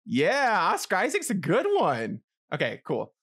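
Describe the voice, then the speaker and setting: Excitable man with a wildly swinging voice. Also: sits high, measured pace, breathy edge. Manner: excitable, swings from mumbling to yelping. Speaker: podcast co-host. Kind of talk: casual chat.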